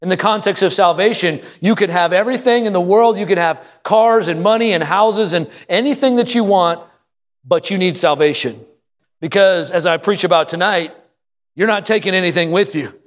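A man pastor preaching a sermon at a church service, building to shouted emphasis and asking the congregation call-and-response questions. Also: sits high, normal speed.

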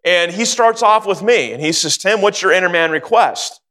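A male preacher with a notably high voice delivers a sermon, moving from an earnest personal story to fervent exhortation. His words ring out with a long hall reverb trailing behind them. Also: moderate pace, pushed and bright.

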